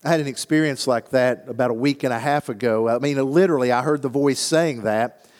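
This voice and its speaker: An older man, reading scripture and preaching a sermon, earnest in his storytelling and dropping low and soft on solemn lines. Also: a little fast, long reverb tail. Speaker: pastor.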